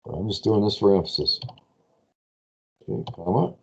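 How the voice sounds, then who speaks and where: A man lecturing a class on lease finance in a spreadsheet, chatty and quick to correct his own slips while asking students questions. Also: lowish voice, husky, rough recording.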